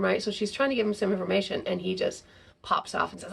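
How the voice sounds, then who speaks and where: A woman's voice: mid-range voice, a little fast, creaky, slightly rough. A woman explaining parenting ideas in a casual, conversational talk, often ending her points with "right?". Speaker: parenting educator.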